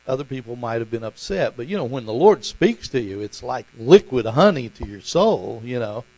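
A man's voice: medium pitch, sing-song, moderate pace, few pauses, darkish tone, rough recording. A middle-aged man preaching a sermon, telling stories in a folksy way with chuckles and fillers. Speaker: pastor.

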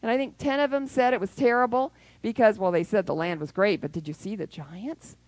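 A woman preaching a sermon who acts out prayers and little scenes, even with sound effects. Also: mid-range voice, brisk, no echo, low-quality recording.

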